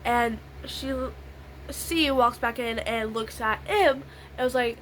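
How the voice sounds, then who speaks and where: A woman's voice: on the high side, takes it slowly, a bit bright, slight background noise, rough recording. A young woman vlogger telling a long story in a rambling, casual way while doing her makeup, repeating the same little phrases. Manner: rambling, repeats "literally" and "I was like".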